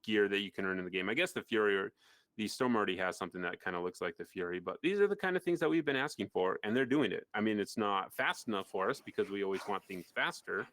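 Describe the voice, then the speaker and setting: A man co-hosting a casual gaming podcast, animated and sarcastic, rambling with restarts. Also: on the low side, fast, no echo. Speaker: podcast co-host. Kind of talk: casual chat.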